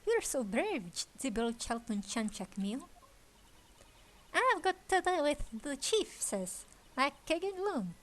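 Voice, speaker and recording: A boastful, childish young tower guard, put on by a woman, blusters in a high, bouncing voice. He is prickly and quick to take offence when his long name is mangled. A game character read aloud. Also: sing-song, heavily acted.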